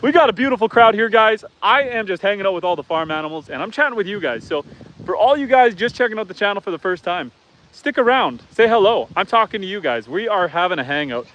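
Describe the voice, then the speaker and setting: A man's voice: high-pitched, a bit bright. A man hosting a casual live stream outdoors on his farm, chatting with viewers and calling to his animals. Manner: chatty, reads viewer comments aloud, calls to animals. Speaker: homesteader live-streaming host.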